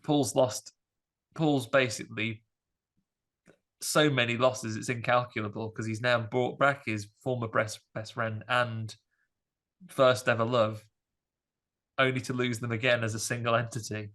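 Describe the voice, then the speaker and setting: A man hosting a podcast, chatting casually about a film in a rambling, animated way with many fillers. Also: mid-range voice, a little slow, pauses often. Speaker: podcast host. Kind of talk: casual film review chat.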